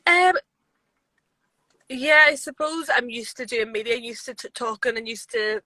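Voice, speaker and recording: A woman MMA fighter being interviewed, telling stories in a chatty, animated way with lots of fillers. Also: fairly high pitch, a little slow, no room sound, low-quality recording. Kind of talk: casual interview chat. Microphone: live video stream.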